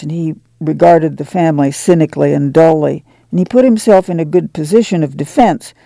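Male audiobook narrator, steady storyteller, slightly higher voice, close and dry. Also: gravelly, no echo. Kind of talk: scripted literary narration.

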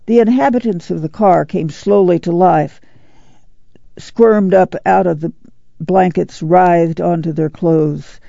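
A woman reading a novel aloud as audiobook narrator, steady and unhurried. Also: fairly low pitch, creaky, dry recording, muffled recording.

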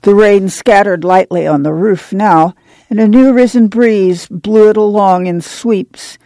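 Gravelly high-voiced man reading aloud. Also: measured pace, mellow, no room sound. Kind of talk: audiobook narration.

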